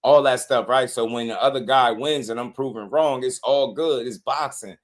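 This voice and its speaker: A man hosting a casual boxing livestream, slangy and excitable, laughing often as he talks to his chat. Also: medium pitch, normal speed.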